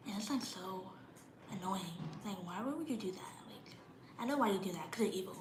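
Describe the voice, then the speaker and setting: A woman's voice: mid-range voice, lively intonation, fairly quick, roomy sound, noisy background. A young woman vlogging casually, blunt and slangy, shivering a little from the cold. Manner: slangy, blunt, drops into mocking parent impressions. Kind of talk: casual monologue vlog.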